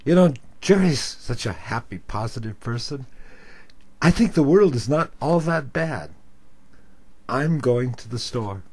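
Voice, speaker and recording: A man voicing a meek elderly woman calling a radio show, speaking slowly and hesitantly with repeated words. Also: medium pitch, animated, a little mellow, slightly rough, voice pushed up. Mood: hopeful.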